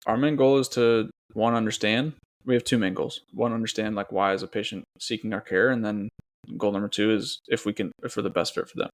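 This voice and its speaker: A man with a somewhat low voice, co-hosting a podcast. He talks in a relaxed, easygoing way and often restarts his sentences as he works out a thought. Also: brisk. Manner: easygoing, thinks aloud with restarts. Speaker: podcast co-host. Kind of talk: casual podcast chat.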